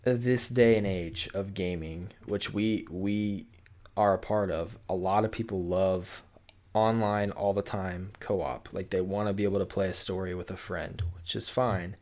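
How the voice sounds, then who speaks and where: A young man with a fairly low voice co-hosts a podcast in relaxed, casual conversation. He agrees easily and tends to repeat his points. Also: measured pace. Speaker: podcast co-host.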